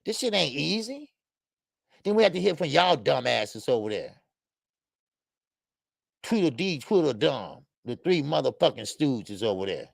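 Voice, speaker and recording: Gravelly, dry-miked male livestream host; blunt, heated, profane delivery. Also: a little high, very animated, unhurried, pauses often, no echo.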